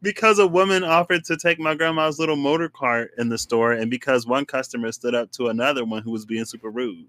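A young man chatting casually, his voice bright and forward and recorded very dry and close. He is animated, laughs easily, and leaps up in pitch when he acts out what he thought. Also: a little fast, few pauses, dry recording. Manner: animated, laughs often, jumps into high-pitched quoted voices. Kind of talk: casual chat.

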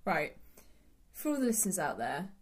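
A woman co-hosting a podcast, chatting casually with teasing, playful banter and quick interjections. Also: lowish voice, very animated, husky. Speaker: podcast co-host. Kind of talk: casual chat.

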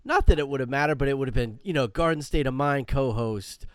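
A male podcast co-host chats in a measured, reassuring way with a dry sense of humor. His voice is smooth and resonant, recorded close and dry with no room sound. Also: mid-range voice, fairly bright tone, no room sound. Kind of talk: casual chat.

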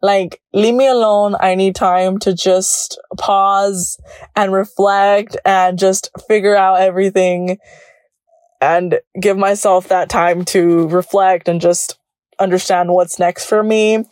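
Bubbly early-20s woman chatting solo on her podcast, laughs a lot, flips into spanish now and then, mid-pitch voice, dry close mic. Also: flat delivery, takes it slowly, darkish tone, no room sound. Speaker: podcast host.

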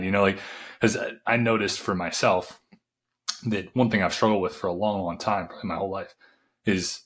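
A man's voice: low-pitched, a bit bright. A man hosting a podcast, asking a loose, searching question full of fillers. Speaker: podcast host. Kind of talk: interview question.

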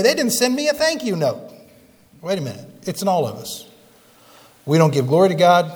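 A pastor in a church sanctuary delivering a sermon to his congregation, his voice a bit higher than most men's. He talks to the room in an easy, conversational way, often asking them questions, and the sound carries a long hall reverb. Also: darkish tone.

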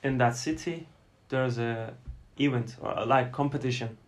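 Speaking at a moderate pace with a medium-pitched voice, a flight attendant from Turkey chats in a casual interview about his airline job. In his Turkish accent, he spins stories full of fillers and acts out what passengers said.

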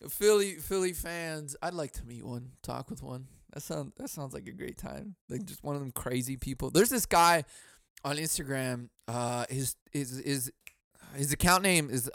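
A man from Southern California hosting a casual solo podcast into a boom mic at home, swearing a lot, laughing often and bursting into loud mock yelling. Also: no room sound, studio quality. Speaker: podcast host.

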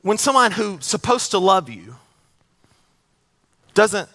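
Bright-voiced pastor telling a story. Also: male voice, high-pitched, sing-song, slow pace. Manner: conversational storytelling, joking, repeating words. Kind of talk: sermon.

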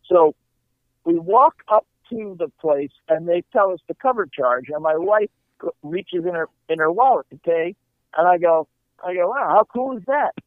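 A man's voice: a little high, moderate pace, dry recording. A middle-aged man, a comedian, telling a story casually and acting out the people in it. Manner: animated, acts out quotes in character voices. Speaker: comedian guest. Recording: tinny phone-like line, dry.

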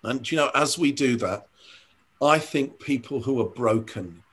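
An older man speaks in an ordinary, mid-pitched voice, earnest and reflective. He is a church leader chatting in an interview. He often hesitates and restarts his sentences as he thinks. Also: lively intonation, measured pace, breathy edge. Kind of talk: conversational interview storytelling.

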